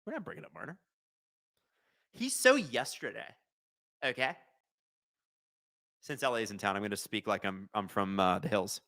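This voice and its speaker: A man's voice: on the low side, normal speed, pauses often. A man hosting a live watch-along stream, commenting on the game, joking and reading out viewers' chat messages. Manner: excitable, joking, chats with viewers.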